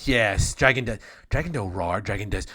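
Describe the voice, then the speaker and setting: A man voicing a blunt, dim gully dwarf chieftainess who speaks in broken, loud phrases for a tabletop game. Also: on the low side, lively intonation, moderate pace. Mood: boastful. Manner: broken caveman-like grammar, loud and scolding.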